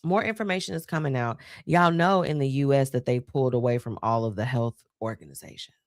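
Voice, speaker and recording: A woman's voice: very deep voice, brisk, dry recording, clean studio sound. A woman hosting a live stream, talking casually and animatedly to viewers, laughing often. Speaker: host.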